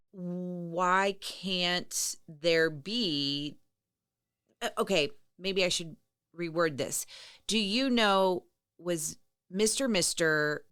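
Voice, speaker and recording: A woman's voice: lowish voice, fairly bright tone, smooth. A female podcast host in a casual conversation, asking curious questions and giving short agreeing replies.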